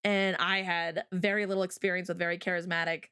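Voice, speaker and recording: A woman's voice: lowish voice, flat delivery, brisk, bright, forceful tone, clean tone. Chatty woman telling a story on stream. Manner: chatty, full of "like" and "um" fillers, often speeds up and acts out her own past words. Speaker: streamer and host. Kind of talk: casual storytelling on a livestream.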